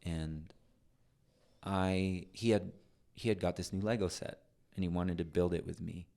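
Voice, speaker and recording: This podcast guest is a middle-aged man with a deep, gravelly voice and a slightly slow delivery. Spinning anecdotes in conversation, he animatedly performs the characters' voices, with frequent false starts and trailing phrases.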